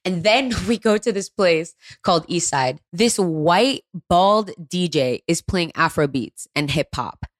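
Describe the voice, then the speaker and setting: A woman in her twenties, co-hosting a podcast and telling a story in a candid, animated way. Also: lowish voice, unhurried, few pauses. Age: 20s. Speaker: podcast co-host. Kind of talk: casual chat.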